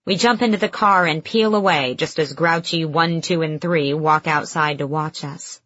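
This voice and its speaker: A woman narrating a novel in the first person, expressive and lively. Her voice sits low. The recording is muffled and dry. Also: normal speed, no echo. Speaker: audiobook narrator. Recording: dull dry studio recording.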